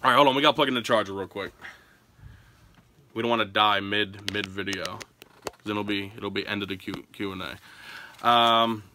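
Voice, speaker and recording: A man from Pennsylvania telling stories and answering viewer questions in a casual, animated home vlog, often breaking into laughter. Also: lowish voice, normal speed, long pauses, a little hiss or hum. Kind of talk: casual storytelling Q&A. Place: his home.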